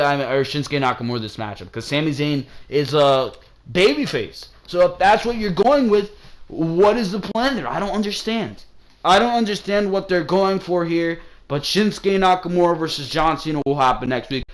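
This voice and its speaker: A man's voice: on the high side, a bit bright. A man ranting through a wrestling show review, swearing often and firing off questions, his throat strained and wearing out. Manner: heated, profane, rhetorical questions.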